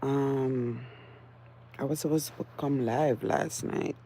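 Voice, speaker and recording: Low, slow woman with a groggy morning voice. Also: steady tone, warm tone, a little hiss or hum. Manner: halting, with many fillers and restarts, then firm and insistent. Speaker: vlogger. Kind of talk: casual solo vlog talk.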